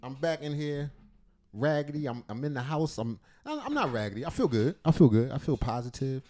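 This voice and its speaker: A man's voice: medium pitch, big pitch swings, fairly quick, warm tone, slight background noise. A man hosting a casual livestream, rambling playfully between jokes and earnest talk. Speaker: livestream host reacting to videos.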